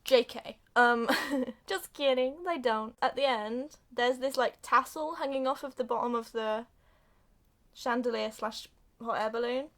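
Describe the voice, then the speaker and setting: A young woman recapping a film plot for comedy, acting out the characters' lines in an animated way. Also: a little high, a little slow. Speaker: video reviewer.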